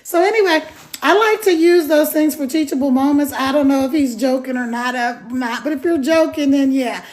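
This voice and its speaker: A woman's voice: sits high, moderate pace, darkish tone. A middle-aged woman chatting casually on a live stream, rambling and greeting viewers by name.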